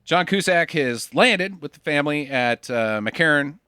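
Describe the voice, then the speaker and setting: A man's voice: on the high side, lively intonation, measured pace, pushed and bright, clear, resonant tone, no room sound, studio quality. A man co-hosting a podcast, recapping a film's plot with sarcastic asides in casual talk. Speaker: podcast co-host. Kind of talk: casual movie riffing.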